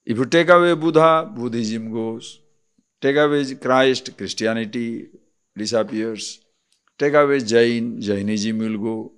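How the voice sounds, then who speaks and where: Slow, deliberate Indian swami. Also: male voice, medium pitch, smooth. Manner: deliberate, explanatory, asks the listeners rhetorical questions. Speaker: swami, spiritual teacher. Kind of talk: spiritual discourse on scripture.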